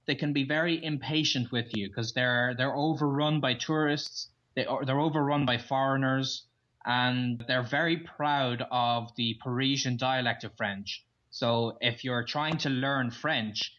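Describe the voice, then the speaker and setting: A man's voice: medium pitch, sharp tone. An Irish man chatting enthusiastically as a podcast guest, telling stories from his travels. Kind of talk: casual interview chat. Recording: dull lo-fi sound.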